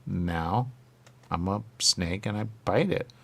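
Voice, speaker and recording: Gravelly low-voiced man, goofy banter. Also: takes it slowly. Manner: goofy, circular arguing with big pitch jumps. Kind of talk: absurd comedic banter.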